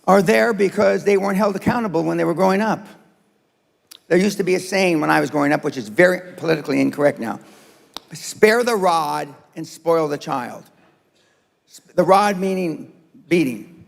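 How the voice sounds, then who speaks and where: A man's voice: high voice, gravelly, long reverb tail. An older man giving a blunt, profane and confrontational seminar speech to a live audience. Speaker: motivational speaker. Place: seminar room.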